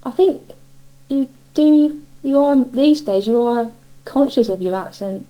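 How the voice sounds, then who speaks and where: This woman speaks at a measured pace in a high register, and the recording has its highs cut off. She's middle-aged, from Cornwall in England, with a Cornish accent, rambling through memories in an interview and frequently correcting herself.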